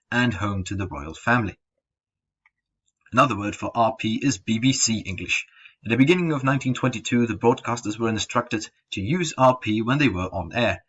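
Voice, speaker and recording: A man's voice: fairly low pitch, fairly bright tone, slightly rough. A young man presenting a school slideshow, reading steadily from a script with the odd stumble. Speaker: student presenter. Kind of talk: read-aloud slideshow presentation. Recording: dull lo-fi home recording.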